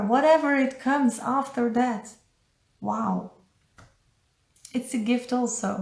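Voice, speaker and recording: A woman with a Dutch accent, a spiritual coach giving a casual live card reading, halting and searching for English words. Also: on the high side. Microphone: phone or webcam on a live stream. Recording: echoey room.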